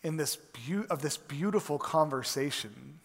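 A man preaching as a pastor, opening with prayer and then telling a story with animated, acted-out quotes in a church. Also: a little high, measured pace, vocal fry, husky, in a large hall. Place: church sanctuary.

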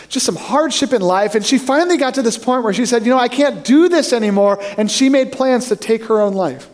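Brief: young male pastor, higher-pitched voice, storytelling sermon delivery that acts out quoted voices. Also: a little mellow.

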